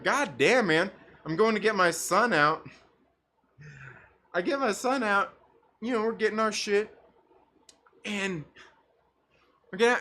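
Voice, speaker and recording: A man hosting a live stream, telling a profane, animated story in a casual rant with bursts of laughter. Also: high-pitched. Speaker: livestream host.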